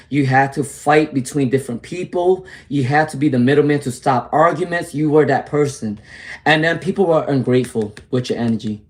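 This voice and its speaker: Chatty, candid male tarot livestreamer. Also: medium pitch. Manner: casual, chatty, addresses viewers by name; slangy, candid, speaks in repeated phrases. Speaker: tarot reader.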